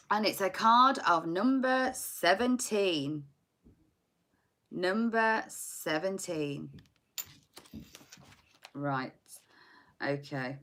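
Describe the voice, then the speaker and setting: A woman's voice: lowish voice, animated, drawn-out words, long pauses, sharp tone. A woman in her forties giving a chatty, scattered tarot reading from her home desk into a laptop mic. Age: 40s. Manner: chatty, scattered, laughing, self-mocking. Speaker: tarot reader. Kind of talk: casual live tarot reading. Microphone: laptop or phone microphone.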